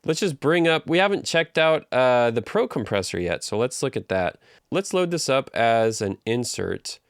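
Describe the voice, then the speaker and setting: A man teaching an audio engineering tutorial in a relaxed, conversational way, walking through each step. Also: medium pitch, normal speed, smooth, dry recording, studio quality. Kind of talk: casual tutorial explanation. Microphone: studio microphone through live compression.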